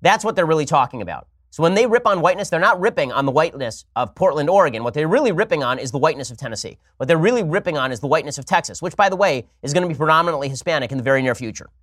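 A man's voice: fairly high pitch, animated, a bit bright, dry recording, studio quality. A man hosting a political talk show, delivering a sarcastic, argumentative commentary monologue. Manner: rapid-fire, argumentative, sarcastic.

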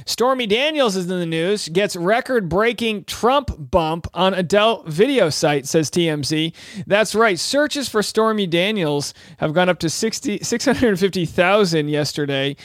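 A man's voice: high voice, lively intonation, a little slow, a bit bright, no echo, studio quality. A man hosting a casual news podcast, chatty and upbeat, who laughs easily. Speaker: podcast host and stand-up comic.

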